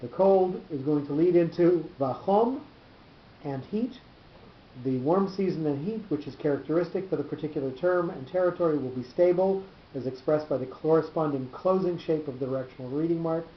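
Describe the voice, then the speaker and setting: Teaching a small class, a man explains at a measured, halting pace, repeating and circling back over his words as he thinks. His voice is a little higher than most men's, the room echoes, and the recording is dull and lo-fi with a faint hiss.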